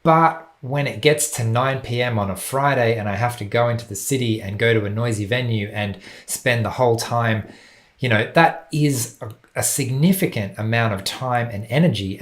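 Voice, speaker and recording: A man speaks straight to his viewers in a reflective, unhurried vlog. His voice sits in an ordinary middle register, and his delivery is measured and thoughtful. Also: mid-range voice, animated. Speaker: vlogger. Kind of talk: reflective personal talk to camera.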